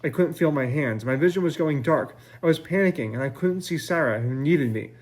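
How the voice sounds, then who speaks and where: A male author reading his novel aloud in measured first-person narration at a library event. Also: fairly high pitch, animated, darkish tone.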